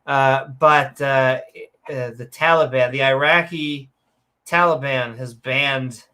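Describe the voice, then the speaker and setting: A woman with a low, slightly bright voice co-hosts a laid-back podcast. Reading viewer comments, she jokes and gets sarcastic, rambling along with lots of fillers and self-corrections.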